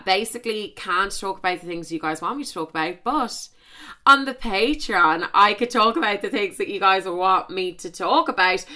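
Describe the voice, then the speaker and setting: A young woman hosts her podcast in a casual, gossipy chat. Her voice is bright and forward. She leans into dramatic emphasis and fires off rapid asides. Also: mid-range voice. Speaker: podcast host.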